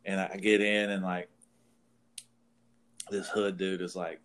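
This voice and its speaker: Low-pitched, fairly bright in tone and with little pitch movement, a podcast co-host takes his time telling a long, rambling talk-show story. He swears freely and keeps laughing as he goes.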